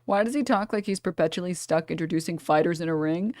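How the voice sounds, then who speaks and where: A woman's voice: lowish voice, fast, hardly any pauses, darkish tone, no echo, studio quality. A woman streamer giving casual reaction commentary in a chatty, wry, opinionated way.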